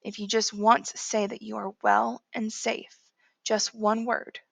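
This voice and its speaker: A persuasive small-town doctor, as a woman reads him, friendly and coaxing but pushy underneath. The voice has a gravelly grain and sounds close and dry. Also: on the high side, fairly even intonation, normal speed, bright, forceful tone, no echo.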